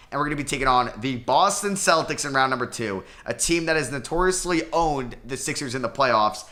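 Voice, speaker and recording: A young man talking over his basketball video game, excitable and emotional, pleading with his players one moment and groaning the next. His voice has a bright, forceful edge. His pitch sits in a middle range for a man. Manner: excitable, swings from hopeful pleading to groaning despair. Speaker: gaming commentator.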